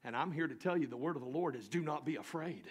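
A pastor with a Southern US accent preaching a sermon to his church, swinging from quiet asides to drawn-out shouted declarations. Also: a little high, slightly rough. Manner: builds to shouting, drawn-out emphatic lines. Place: church sanctuary.

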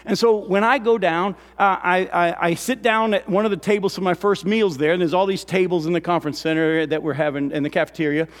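A male pastor preaching an animated sermon, often asking the congregation questions. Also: sits high, a little fast, hardly any pauses. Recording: long reverb of a church hall.

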